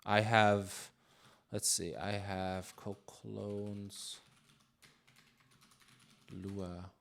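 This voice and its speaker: A man's voice: fairly low pitch, level tone, very slow, vocal fry, fairly bright tone. A man live-coding on a stream, chatting casually and thinking aloud with many fillers and restarts. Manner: reads chat questions aloud.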